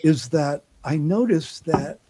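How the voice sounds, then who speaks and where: Man, New York accent, reflective, guest on a show, somewhat high voice, noisy line. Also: lively intonation, slow. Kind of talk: casual chat on a call-in show.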